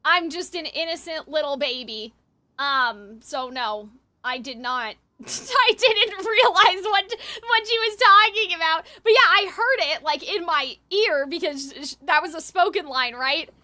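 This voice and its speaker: A woman's voice: very high-pitched, animated, a little slow, sharp tone. A young woman streamer reacting emotionally to a game, gushing with lots of fillers. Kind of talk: casual live reaction commentary. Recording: game audio playing behind.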